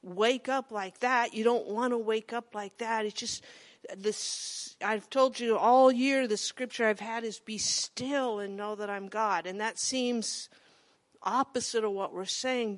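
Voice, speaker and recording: A woman's voice: fairly high pitch, fairly even intonation, unhurried. A middle-aged woman pastor preaching a sermon in a conversational, storytelling manner.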